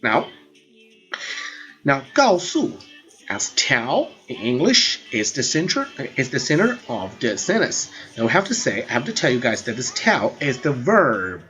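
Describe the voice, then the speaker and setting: Earnest man explaining grammar, lively pitch. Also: measured pace. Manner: earnest, repeats words while explaining. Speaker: language teacher. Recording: dull lo-fi sound with faint background music.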